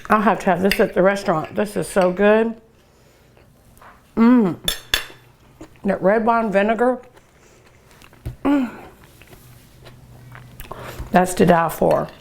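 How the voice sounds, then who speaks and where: An older woman with a Kentucky accent speaks slowly in a gravelly, mid-range voice, pausing often, over a little hiss or hum. She runs a restaurant and hosts a food tasting show, gushing over each bite with hums and sighs.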